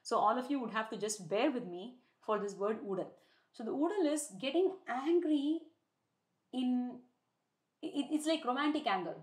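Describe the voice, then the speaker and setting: A woman's voice: a little high, normal speed. A woman with an Indian English accent and Tamil as her native tongue, teaching a devotional scripture lesson in an explanatory storytelling manner. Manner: explanatory storytelling, dramatizes quotes. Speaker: religious discourse presenter. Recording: roomy echo.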